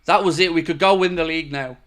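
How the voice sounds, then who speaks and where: A fan channel host runs a live stream, reading out viewer messages and firing back frustrated, emphatic replies with the occasional swear word. His voice is fairly high and fairly bright, and he talks quickly.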